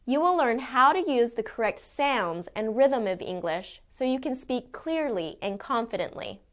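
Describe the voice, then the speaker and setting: A woman teaching an English pronunciation course, speaking in a clear, deliberate way as she models sounds. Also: fairly high pitch, lively intonation. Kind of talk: scripted lesson.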